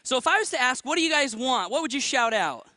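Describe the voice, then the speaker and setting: A man in his thirties giving a motivational stage talk, energetic and firing questions at the audience. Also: very high-pitched, fast talker, no room sound. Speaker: motivational speaker.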